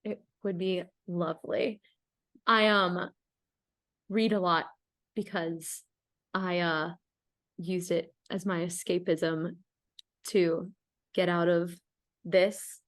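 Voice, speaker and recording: A young American woman hosting a podcast in casual chat, rambling with lots of fillers and quick to laugh. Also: lowish voice, steady tone. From United States. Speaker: podcast host.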